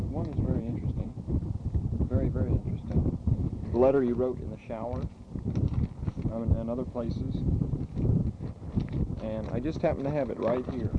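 A young man recording a rambling, chatty spoken letter home on cassette tape. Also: medium pitch. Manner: rambling, chatty, with fillers and pauses. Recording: muffled old cassette tape with loud hiss.

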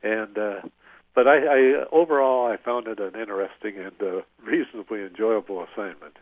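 An older man, a veteran, recalling his service in an oral history interview, halting with many filler pauses. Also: on the low side, fairly even intonation, dry recording. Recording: tinny phone-like line, dry.

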